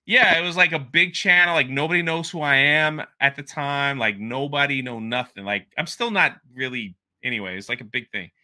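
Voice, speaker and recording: A young man telling a story as a guest in a casual interview, animated and laughing, with plenty of filler words. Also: medium pitch, a little fast, hardly any pauses.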